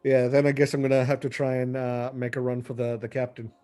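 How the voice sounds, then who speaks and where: A man playing in a tabletop game, talking casually with halting questions. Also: mid-range voice, flat delivery, mellow, soft background music. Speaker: player. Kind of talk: casual chat.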